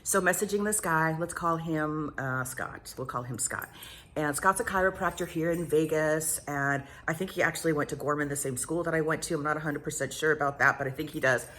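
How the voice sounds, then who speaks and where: Middle-aged woman, voice on the low side, chatty, laughs a lot while telling the story. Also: brisk, a little hiss or hum. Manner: animated, self-mocking, laughs often. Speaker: vlogger. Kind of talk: casual storytelling.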